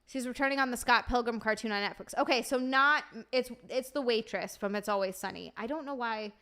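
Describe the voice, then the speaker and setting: A woman's voice: a little high, brisk, sharp tone, clear, resonant tone. A young woman streamer chatting casually, swearing freely and answering her live chat.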